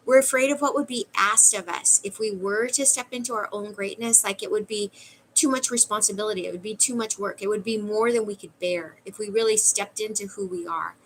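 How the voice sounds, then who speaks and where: A woman's voice: medium pitch, a bit bright, slight background noise, rough recording. A middle-aged woman giving a channeled spiritual talk in a musing way, with frequent "like" fillers. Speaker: spiritual reader.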